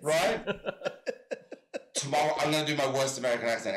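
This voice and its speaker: A middle-aged man, a guest telling stories in animated, casual chat over a video call, swearing freely. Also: medium pitch, a little fast, roomy sound.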